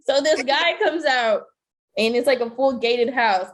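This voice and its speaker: A woman co-hosting a podcast, telling a story in casual chat, animated and swearing freely as she acts out what people said. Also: high-pitched, a little slow. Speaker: podcast co-host.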